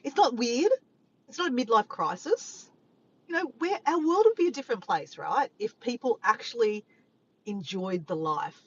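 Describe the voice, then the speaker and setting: Woman live-streaming from a car, playful and laughing, lively pitch, muffled lo-fi sound. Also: normal speed, husky. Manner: chatty, laughs often, playful teasing. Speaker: live-stream host reading viewer comments. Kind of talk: casual live-stream chat. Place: in a car parked by the beach.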